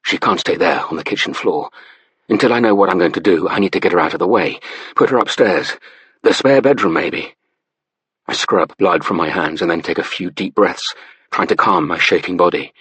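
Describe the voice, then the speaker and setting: A man's voice: deep voice, moderate pace, a bit bright, slightly rough, no echo. A man narrating a first-person psychological thriller, voicing a panicked husband who curses as he speaks. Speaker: audiobook narrator.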